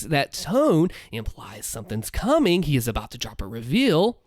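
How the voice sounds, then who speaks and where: Animated man breaking down his voice acting. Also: a little high, moderate pace, few pauses, dry recording. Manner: animated, explains with vocal demonstrations; holds back volume late at night. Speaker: content creator explaining his voice work.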